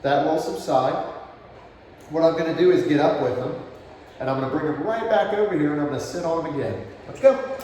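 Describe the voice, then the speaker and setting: A relaxed man explains dog training as he works, often softening into quiet praise. He sounds set back from the microphone, with a lot of roomy echo and a faint ambient hum behind him. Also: fairly high pitch, brisk. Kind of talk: explaining while demonstrating. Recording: distant, roomy outdoor camera audio.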